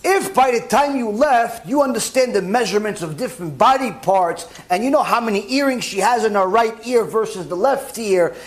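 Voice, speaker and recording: A man, a rabbi, giving a lively sermon and acting out little scenes with mock dialogue. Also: high-pitched. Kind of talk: sermon lecture.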